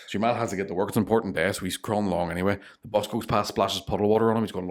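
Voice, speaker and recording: A man's voice: on the low side, fairly even intonation, very fast. A man with a Northern Irish accent, a comedian telling long jokes in casual chat and swearing freely. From Northern Ireland. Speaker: comedian guest. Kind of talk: casual storytelling.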